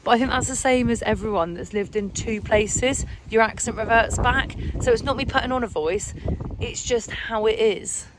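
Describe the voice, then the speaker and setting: A woman's voice: on the high side, moderate pace. A woman from Hampshire with a Somerset-tinged West Country accent, chatting casually as she explains a day on the beating line. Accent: Somerset-tinged English West Country. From Hampshire, England. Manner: chatty and explanatory, laughs often. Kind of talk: casual outdoor vlog. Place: outdoors in countryside fields and hedges. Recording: noisy outdoor phone recording.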